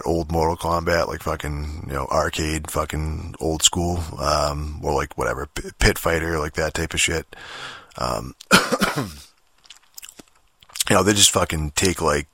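A man's voice: a bass voice, bright, forceful tone, no room sound, studio quality. A man rambling in a casual, profane rant about video games, full of filler words, restarts and exasperated mockery. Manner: exasperated, mocking. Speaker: gamer talking about games.

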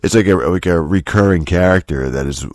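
A man with an extremely deep voice talks through a loose, rambling rant, swearing often and sounding exasperated. He restarts his sentences constantly. The recording is dry and close, with no room sound. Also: fairly quick, a little mellow, no echo. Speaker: game commentator. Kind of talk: casual rant.

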